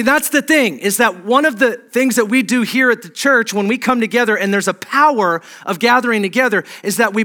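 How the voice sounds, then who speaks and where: A man's voice: sits high, sharp tone. A middle-aged man preaching a sermon as pastor, conversational and humorous, with restarts and asides to the congregation.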